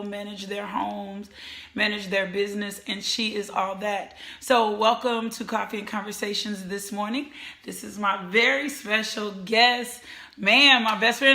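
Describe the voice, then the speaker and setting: A woman's voice: medium pitch, bright, forceful tone, echoey room. A woman hosting a casual live-streamed talk show, effusively greeting viewers by name. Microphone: webcam or phone camera.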